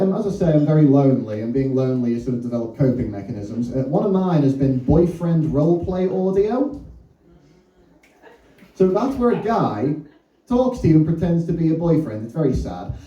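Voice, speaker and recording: A man's voice: a little high, sing-song, moderate pace, roomy sound, recorded from a distance, background noise. A man doing a crude, self-deprecating stand-up comedy set in a comedy club. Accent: English. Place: comedy club bar, audience laughing.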